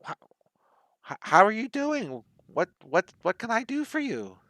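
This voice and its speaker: A man's voice: very animated, measured pace, bright, forceful tone, no echo, clean studio sound, heavily acted. A man voicing an impossibly old, frail woman hermit who chatters and speaks of herself in the third person. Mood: chatty. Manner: high cooing croak, talks of herself as Nanny.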